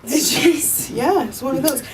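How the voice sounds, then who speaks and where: A woman's voice: high voice, measured pace, far from the mic, crowd noise, rough recording. A woman doing a stand-up comedy set at a live show, brash and profane, often laughing at her own jokes. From Armenian family.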